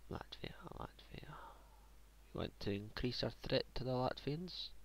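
A man's voice: medium pitch, animated, unhurried, creaky, in a whisper. A man casually commentating his own strategy game, muttering to himself, joking and swearing now and then. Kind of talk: casual let's play commentary.

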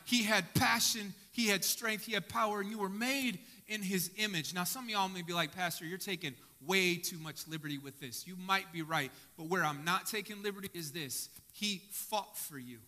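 A male pastor preaching an impassioned sermon, dropping to a hush and rising to shouts. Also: sits high, moderate pace. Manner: impassioned, swinging from hushed to shouting.

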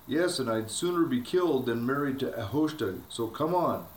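A man's voice: medium pitch, expressive, normal speed, close to an everyday voice. A man voicing a determined young runaway girl who gives urgent orders as he reads a storybook aloud. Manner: urgent and commanding. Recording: echoey room, faint background hiss.

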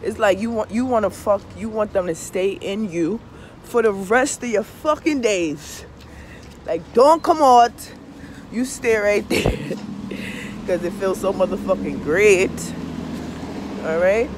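A woman's voice: mid-range voice, takes it slowly, slight background noise. A woman vlogging in a casual, confessional way, swearing freely and often checking that listeners understand. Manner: profane, emphatic, keeps asking "you understand?". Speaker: tarot reader and vlogger.

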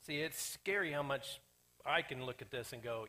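A man preaching a sermon as pastor, animated, joking and acting out the people in the story. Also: mid-range voice, normal speed. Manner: animated, acts out quoted characters, jokey asides. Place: church sanctuary.

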